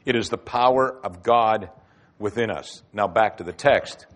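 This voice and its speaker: A man preaching a sermon with expressive delivery, swinging between loud emphatic phrases and quiet asides. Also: fairly low pitch, a little slow. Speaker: pastor.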